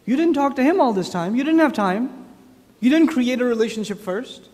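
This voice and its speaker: A man giving an animated religious talk, telling stories and putting questions straight to his audience. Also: extremely high pitch, brisk, in a large hall. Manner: animated storyteller, addresses the audience directly with questions. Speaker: speaker at an Islamic lecture. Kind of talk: lively conversational religious talk.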